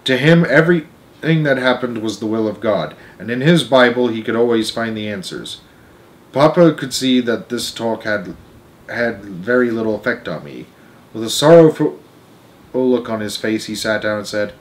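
A man's voice: fairly low pitch, moderate pace, poor audio. A man reading a chapter book aloud as storyteller, earnest and emotional, now and then restarting a phrase.

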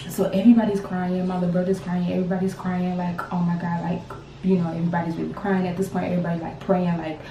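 A young woman in her twenties, a grieving mother telling her story to camera in a halting, repetitive, emotional way. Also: lowish voice, mellow, slight background noise. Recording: roomy sound from a distance.

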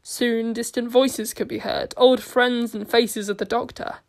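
A woman reads a story aloud with steady, earnest narration. Her voice is a touch higher than most. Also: unhurried. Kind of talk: storytelling reading.

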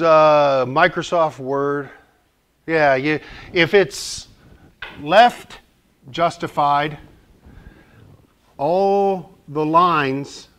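A man's voice: fairly high pitch, fairly bright tone, smooth. A man teaching a church Bible study class in a conversational way, asking the group questions and joking lightly.

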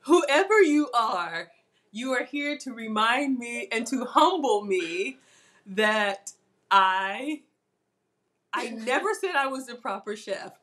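A woman's voice: a little high, expressive, slow pace, a bit bright. A middle-aged woman hosting a live cooking stream, chatting casually with viewers and a guest and laughing often.

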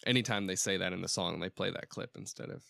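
A low-pitched man with a gravelly, fry-laden voice, talking casually as a podcast co-host. He wanders and restarts as he works through a thought. The sound is dry and close. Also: fast talker, pushed and bright, no room sound. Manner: rambling, self-correcting, restarts often. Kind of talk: casual chat.

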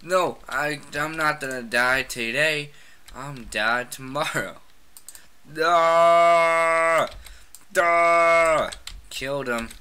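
Excitable gamer with a very bright voice. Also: medium pitch, measured pace, clear, resonant tone. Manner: excitable, trash-talking, frequent shouted outbursts. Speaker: gamer playing a shooter. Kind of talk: casual gameplay commentary.

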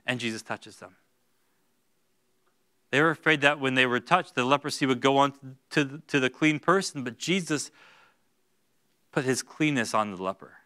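A male pastor preaching a sermon in a church, going from hushed, slow lines to loud, high-pitched bursts. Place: church sanctuary.

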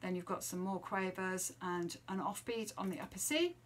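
A woman's voice: medium pitch, animated, moderate pace. A woman teaching children a trumpet lesson from home, explaining a tune and counting and singing the rhythms aloud.

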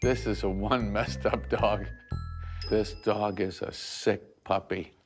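A man gives a deadpan, sardonic talking-head interview for a television show. Soft music plays faintly beneath his voice. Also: fairly low pitch, takes it slowly. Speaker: celebrity dog owner on a reality show. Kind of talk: dry confessional interview.

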